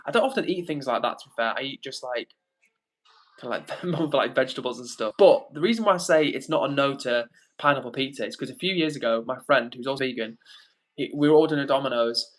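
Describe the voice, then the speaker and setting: A young man hosts a livestream, reading viewer comments aloud and answering in a rambling, chatty way full of fillers. His voice is medium-pitched and a bit bright, and the talk is casual live chat.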